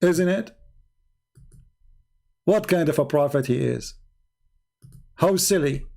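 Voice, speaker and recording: A man's voice: fairly high pitch, slow pace, creaky, darkish tone. Insistent man in a heated debate. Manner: insistent, repeats phrases. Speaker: debate show host.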